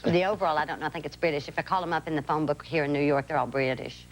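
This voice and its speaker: A woman's voice: low-pitched, fairly even intonation, racing, a little hiss or hum, rough recording. Chatty Southern woman guest. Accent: Southern US, Tennessee. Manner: chatty, laughs easily, folksy. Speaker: actress guest. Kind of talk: casual talk show interview.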